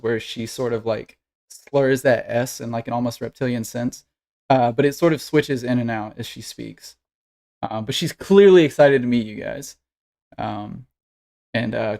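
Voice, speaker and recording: A man's voice: medium pitch, a little mellow. A man running a tabletop role-playing game as game master, narrating casually with plenty of fillers.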